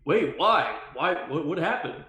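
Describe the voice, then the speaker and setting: A man's voice: on the high side, expressive, a little slow, sharp tone. Man as a befuddled young adventurer, hesitant, roomy echo. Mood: confused. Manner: bewildered, hesitant. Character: confused young adventurer who just woke up. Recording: echoey room.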